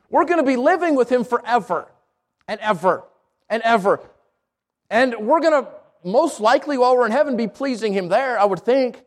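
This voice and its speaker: A man with a high voice preaches to his congregation. He keeps asking rhetorical questions and often stumbles and repeats words before pressing on. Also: lively intonation, brisk. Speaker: pastor. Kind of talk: sermon.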